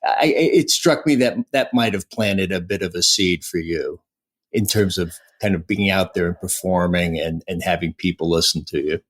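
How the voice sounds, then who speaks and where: A man co-hosting an interview podcast, asking halting, hesitant questions and laughing easily. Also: sits low. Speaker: podcast co-host. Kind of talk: casual interview.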